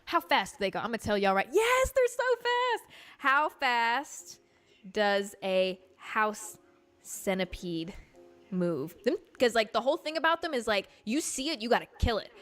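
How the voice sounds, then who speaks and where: A young woman hosting a casual livestream, telling stories in an animated, chatty way full of fillers and swearing. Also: medium pitch, normal speed, soft background music. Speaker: livestream host.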